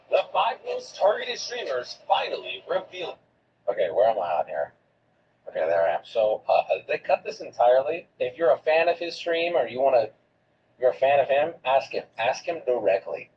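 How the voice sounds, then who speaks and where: A man commenting casually on a video during his stream, swinging between loud outbursts and low asides. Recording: dull lo-fi stream audio with steady background noise.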